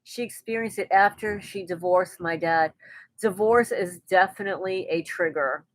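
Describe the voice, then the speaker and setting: A woman's voice: on the low side, moderate pace, dry recording, rough recording. Dry-sounding woman chatting on a live stream. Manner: reads viewer comments aloud and answers them conversationally; chatty, with frequent restarts and light laughter. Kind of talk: casual live-stream chat.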